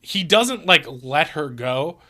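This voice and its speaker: Co-host, male, bright and a touch high, rambling comic recap. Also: expressive. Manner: rambling retelling, acts out lines in quick voices. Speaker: podcast co-host. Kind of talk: casual comedic chat.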